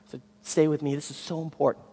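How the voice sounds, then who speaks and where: A preacher man with a fairly high voice delivers his sermon with animation, swinging between loud bursts and near-whispers. His words carry a long reverb tail through a large church hall. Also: flat delivery, fast talker. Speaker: pastor.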